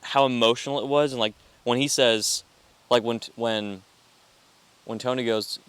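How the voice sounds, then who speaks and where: A young man co-hosting a podcast, chatting casually and telling stories with lively retellings of movie scenes. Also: mid-range voice, normal speed, clear, resonant tone. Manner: animated storyteller, quotes movie lines. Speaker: podcast co-host. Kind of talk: casual chat.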